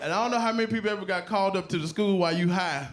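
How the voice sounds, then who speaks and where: A man doing a stand-up comedy set, telling loose, profane stories and jumping into loud shouted voices. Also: sits high, racing. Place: comedy club stage before a laughing crowd. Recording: live show with loud crowd laughter and noise.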